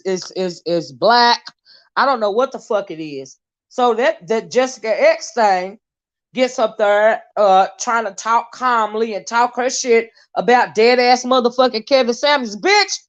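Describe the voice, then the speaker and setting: Woman host, blunt profane rant, fairly high voice, dull lo-fi home recording. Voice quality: loud, blunt, heavily profane. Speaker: YouTube commentary host. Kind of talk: profane ranting commentary. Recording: dull lo-fi sound.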